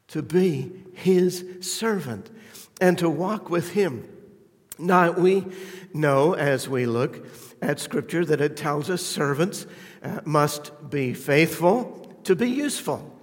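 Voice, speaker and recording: Male preacher, slow measured delivery, fervent swells and hushed asides, live church hall with long reverb. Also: on the high side, very animated. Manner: fervent, rising to emphatic peaks then dropping quiet. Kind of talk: sermon.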